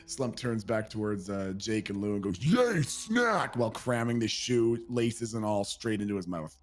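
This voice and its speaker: A man playing in a tabletop game who describes his character's actions in a relaxed, storytelling manner. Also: lowish voice, moderate pace. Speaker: player.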